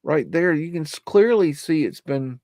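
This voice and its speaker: A man's voice: on the high side, lively intonation, moderate pace, a little mellow, no echo. Guy hosting a live stream, rambly and jumpy, mutters and cusses, dry close sound. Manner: rambling, hesitant, easily spooked; swearing, muttered exclamations. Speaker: livestream host. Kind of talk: live commentary on archive photos.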